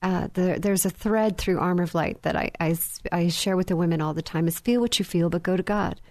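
A woman's voice: on the low side, brisk, darkish tone, no room sound. A woman on a faith talk show, telling stories with animation and acting out childlike voices. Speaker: guest speaker.

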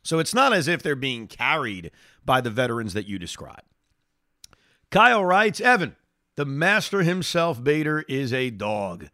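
Animated, bright-voiced sports radio man. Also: medium pitch, normal speed, no echo, clean studio sound. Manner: animated, emphatic, repeats phrases for effect. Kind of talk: sports talk radio, reading listener email.

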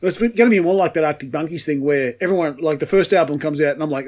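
A man co-hosting a music podcast from his kitchen. His voice sits a little high and he speaks with animated, swearing energy. The talk is loose and casual. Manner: animated, swearing, fast tangents. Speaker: podcast co-host. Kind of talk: casual chat.

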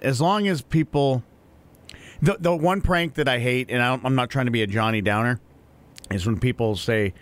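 A man's voice: medium pitch, moderate pace. Midwestern male co-host, casual joking delivery, mid-range voice. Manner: laid-back, jokey storytelling. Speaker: radio show co-host. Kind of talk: casual morning show chat.

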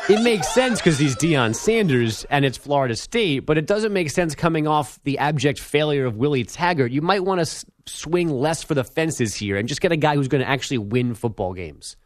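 A man's voice: on the high side, expressive, moderate pace, few pauses, a little hiss or hum. A man hosting a sports talk show, reading out news items and making dry, sarcastic remarks.

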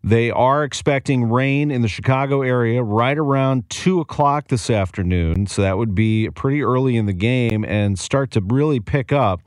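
A man hosting a sports radio show, running briskly and enthusiastically through scores, schedules and upcoming guests. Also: medium pitch, no echo, studio quality. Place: radio studio. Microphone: studio microphone.

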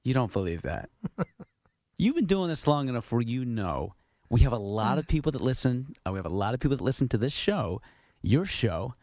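A man working as producer on a sports radio show, bantering quickly and jokingly with the host. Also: mid-range voice, very animated, a little mellow, dry recording, studio quality. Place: radio studio. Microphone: studio microphone.

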